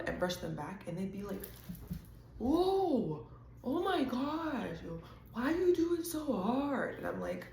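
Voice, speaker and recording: A woman hosting a casual intuitive reading, talking straight to viewers in a chatty, animated way with quick asides. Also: on the low side, gravelly, reverberant, background noise. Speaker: host.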